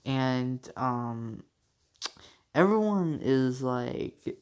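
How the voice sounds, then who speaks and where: A young man tells a fan-fiction story in a loose, unhurried way. He rambles, drifts off topic and swears, and his voice sits at an everyday middle pitch. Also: darkish tone, smooth. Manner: rambling, full of fillers and swearing, laughs at his own story. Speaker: channel host.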